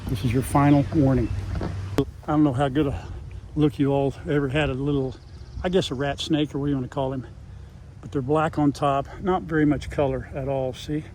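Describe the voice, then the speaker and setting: A man's voice: mid-range voice, fairly even intonation, moderate pace, darkish tone, slight background noise, poor audio. An older man chatting casually outdoors on his farm, talking to his dogs and to the camera as he goes. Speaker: farm vlogger.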